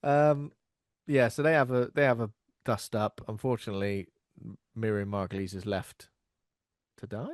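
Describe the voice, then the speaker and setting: A man's voice: on the low side, steady tone, moderate pace, pauses often, no room sound, clean studio sound. A man co-hosting a casual film review podcast, summarizing the plot and laughing easily. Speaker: podcast co-host.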